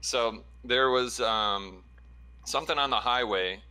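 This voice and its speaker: A man's voice: medium pitch, slow, clear, resonant tone. A man who works as an ER trauma nurse, chatting casually and telling a story with many fillers. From Chicago area. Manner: relaxed storytelling with fillers and laughs. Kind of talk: casual chat.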